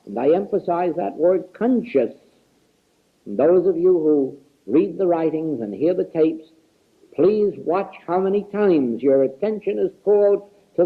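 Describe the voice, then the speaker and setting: A man's voice: fairly high pitch, expressive, measured pace, narrow, tinny audio. A man giving an earnest spiritual lecture, stressing key words again and again, heard on an archival tape recording. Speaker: spiritual teacher.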